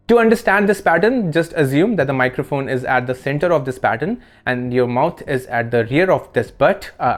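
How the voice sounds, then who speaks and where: A man talks through a product review in a relaxed, explanatory way, tossing in playful jokes. He speaks into a desk condenser microphone in a room at home, with an average-pitched voice. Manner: casual, explanatory with playful asides. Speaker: tech reviewer. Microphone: desk condenser microphone under test.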